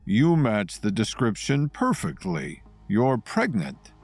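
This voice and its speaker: A large, grizzled male kidnapper who speaks with unhurried, polished politeness and a slight lisp, as a male narrator puts him on. His tone is low and formal, almost theatrical. The read is dry and close, with faint music underneath. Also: huge pitch swings, darkish tone, no room sound, exaggerated voice. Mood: calm.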